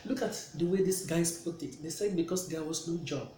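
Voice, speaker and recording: A man's voice: on the high side, fairly quick, warm tone. A man teaching a classroom pronunciation lesson, checking in often with "okay?". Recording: echoey room with faint noise.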